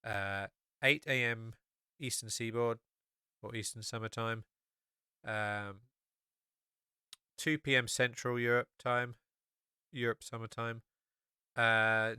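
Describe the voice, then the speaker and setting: A man's voice: medium pitch, fairly even intonation, takes it slowly, long pauses, pushed and bright, smooth, no room sound, clean studio sound. A man hosting a solo podcast, talking casually and rambling, with many fillers and restarts. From England. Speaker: podcast host.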